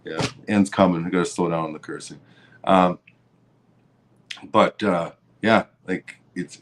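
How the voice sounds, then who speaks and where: A man hosting a podcast, ranting heatedly with constant swearing and repeated words. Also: low voice. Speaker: podcast host. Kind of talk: profane political rant.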